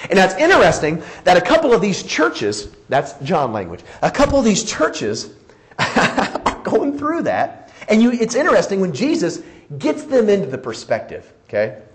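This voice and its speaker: Lively animated male preacher. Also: high-pitched, moderate pace, poor audio. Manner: animated, acts out quoted dialogue, chuckles often. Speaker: pastor. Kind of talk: sermon.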